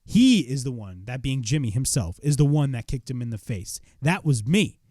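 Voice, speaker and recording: Dude hyped recapping wrestling, cussing a lot, mid voice, dry sound. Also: male voice, mid-range voice, normal speed, dry recording. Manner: excitable, swears freely, retells scenes. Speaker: wrestling show reviewer. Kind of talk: casual recap.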